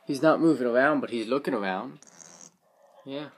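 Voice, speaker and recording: A man's voice: mid-range voice, fast, slightly rough. A young man vlogging in a rambling, playful, self-mocking way from his home floor. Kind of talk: casual chat vlog.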